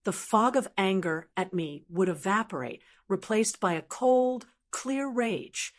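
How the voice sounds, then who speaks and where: An older woman reading a first-person story in a measured, reflective way. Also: mid-range voice, lively intonation. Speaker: narrator.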